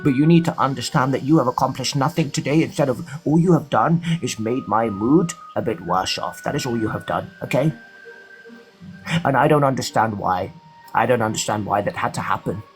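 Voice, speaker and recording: A man's voice: medium pitch, fairly quick, soft background music. A man hosting a late-night live stream, lecturing callers in a stern, repetitive way. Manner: stern, lecturing, repeats himself. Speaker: livestream host.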